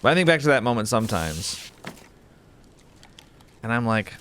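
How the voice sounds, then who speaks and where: A man talking through a game session in a loose, rambling way, his pitch leaping up and down as he tells a story. He breaks off into sudden exclamations at the action on screen. There is a faint hiss under his voice. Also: big pitch swings, normal speed, a bit bright. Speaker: gaming YouTuber. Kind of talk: casual let's-play commentary.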